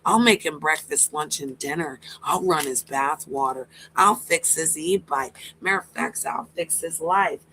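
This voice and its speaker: A woman's voice: deep voice, unhurried, few pauses, pushed and bright, a little hiss or hum, low-quality recording. A woman doing livestream commentary, taunting and mocking a rival with sarcasm and swearing. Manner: talks to a rival by name.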